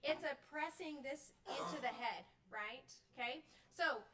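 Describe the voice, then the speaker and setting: A woman's voice: high voice, measured pace, far from the mic, background noise. A middle-aged woman leading a live workshop demonstration, explaining step by step and checking in with "okay?" and "right?" after each point. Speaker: clinician teaching band directors. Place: workshop room. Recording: voice from off the mic.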